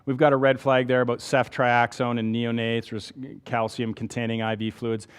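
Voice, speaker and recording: A man's voice: medium pitch, level tone, moderate pace, smooth, in a large hall. A man with a Canadian accent giving a conversational medical lecture, explaining step by step and checking in with rhetorical questions.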